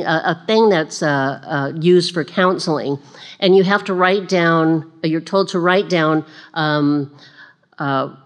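A low-voiced woman talks through a sermon casually, teasing herself and laughing along the way. When she retells stories, she grows noticeably more animated.

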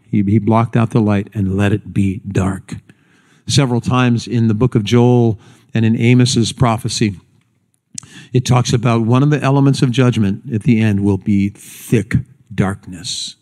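A man's voice: on the low side, normal speed. A man preaching a sermon, telling the story with feeling and acting out the people he quotes. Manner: animated, acts out quoted speakers in raised voice. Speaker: pastor.

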